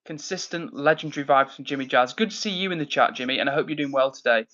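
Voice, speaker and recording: Streaming from indoors at home, this English host from the Manchester area reads his chat and responds cheerfully. His voice is medium in pitch and he talks fast, packing in fillers and shout-outs over lo-fi sound.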